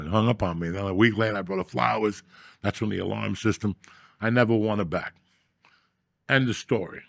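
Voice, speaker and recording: Gravelly low-voiced man telling street stories. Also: brisk, pauses often, a bit bright, no room sound, studio quality. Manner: rambling, streetwise, swears often. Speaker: comedian guest. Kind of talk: profane storytelling on a podcast.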